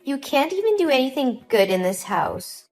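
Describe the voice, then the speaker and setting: A woman puts on a spiteful young sister-in-law in a dramatized story, her voice pitched high and sharp with scorn. She snaps out accusations and dismissals. Faint music sits underneath. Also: very animated, normal speed, full character voice. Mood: contemptuous.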